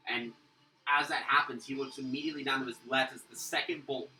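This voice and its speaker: A man narrating a tabletop game as game master, animated and storytelling. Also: mid-range voice, a little fast, a little hiss or hum. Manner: animated storyteller, acts out monsters. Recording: roomy, distant mic.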